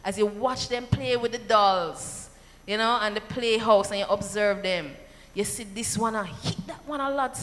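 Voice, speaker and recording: A woman with a Jamaican accent giving an animated seminar talk to parents, with rhetorical asides and acted-out quotes. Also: mid-range voice, normal speed. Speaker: seminar speaker. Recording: long hall reverb.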